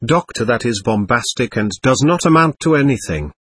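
A man reading the part of a patient doctor who questions and lectures a spirit in a séance record, with a husky voice. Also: medium pitch, lively intonation, moderate pace, fairly bright tone, no room sound. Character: calm, firm male doctor questioning a spirit. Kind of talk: reading a séance transcript aloud.

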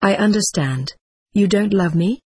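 A woman's voice: medium pitch, unhurried, breathy edge, dry recording, studio quality. A woman reading an earnest, tender young man. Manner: soft, tender speech.

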